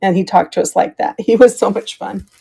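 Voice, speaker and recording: A woman's voice: mid-range voice, fairly even intonation, brisk, creaky, warm tone, husky. An American woman hosting a live jewelry sale, chatting casually as she shows pieces, calls out starting prices and thanks viewers by name. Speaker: live-stream jewelry seller. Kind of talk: live auction stream chat.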